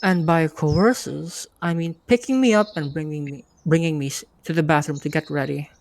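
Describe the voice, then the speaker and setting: A woman with a low voice narrates a first-person story on a live reading stream. Her reading is steady and easygoing, and the sound is close and dry. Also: moderate pace, no room sound. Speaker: host and narrator.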